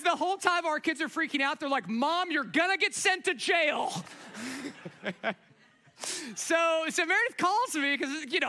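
High, bright-voiced man preaching. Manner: conversational, animated storytelling, asks the crowd. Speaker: pastor. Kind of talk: sermon with storytelling.

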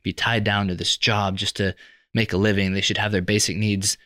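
A man with a very deep voice co-hosting a faith-based podcast. He talks in a thoughtful, measured way and reasons through his ideas aloud. The sound is close-miked and dry. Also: level tone, pushed and bright, dry recording. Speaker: podcast co-host.

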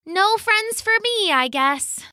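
Kaya, a shy and lonely young woman from a storybook, speaks in a high, bright, breathless voice that swings up and down, as a storyteller puts her on. Her pleading lines come across dry and close. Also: sing-song, measured pace, no room sound, exaggerated voice. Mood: timid.

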